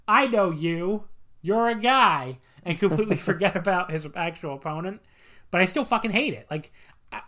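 A man's voice: fairly high pitch, fairly bright tone. A man co-hosting a podcast, casually reviewing wrestling matches in a blunt, opinionated way and swearing freely. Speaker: podcast co-host.

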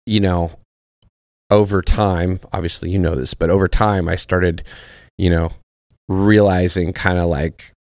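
A man's voice: low-pitched, steady tone, moderate pace, darkish tone, dry recording, clean studio sound. A man talking as a podcast guest in casual chat, laid-back and profane, searching for his words. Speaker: podcast guest, actor and former soldier.

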